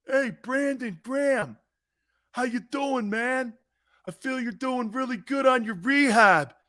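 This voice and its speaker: A man's voice: extremely high pitch, a little slow, pushed and bright, pitched above the performer's own voice, heavily acted. A man impersonating a football coach who pretends to be a cheerful local caller, chummy and laughing.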